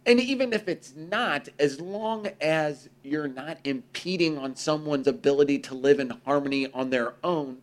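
Animated, profane man chatting casually. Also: a little high, moderate pace, few pauses. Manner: profane, animated, acts out quoted voices. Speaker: podcast co-host. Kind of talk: casual conversation.

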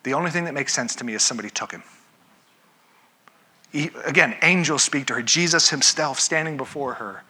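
A man's voice: medium pitch, fairly quick, long pauses, sharp tone, slightly rough. A man preaching a sermon, telling the story with animation and acting out the characters. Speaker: pastor.

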